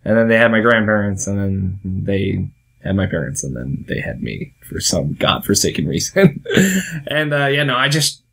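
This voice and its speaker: Rambling young man, lowish voice. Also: sing-song, moderate pace, vocal fry, fairly bright tone, husky. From United States. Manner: rambling, self-interrupting, laughs at himself. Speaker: vlog host. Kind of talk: casual talk to camera.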